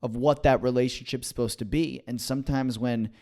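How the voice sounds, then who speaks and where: A young adult man co-hosting a comedy podcast. He talks in casual chat, thinking aloud with halting restarts. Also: mid-range voice, fairly even intonation, a little mellow. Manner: attentive listener, short affirmations, halting restarts. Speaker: podcast co-host.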